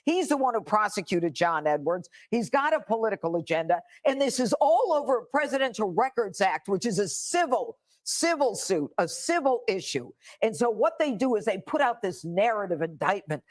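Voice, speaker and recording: A woman's voice: on the high side, animated, normal speed, hardly any pauses. An older woman, a former judge, giving indignant and emphatic political commentary.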